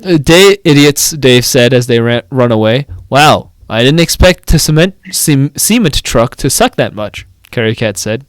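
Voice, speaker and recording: A man's voice: mid-range voice, expressive, moderate pace, hardly any pauses, no room sound. A young man co-hosting a comedy podcast, reading a badly written fan story aloud, stumbling over its misspellings and breaking into banter.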